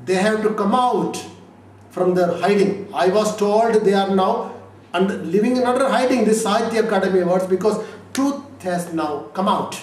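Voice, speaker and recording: Speaking at a moderate pace in a high-sitting voice, this Indian lawyer answers interview questions emphatically, repeating himself and posing rhetorical questions. The recording comes from far off in an echoey room, with a little faint noise.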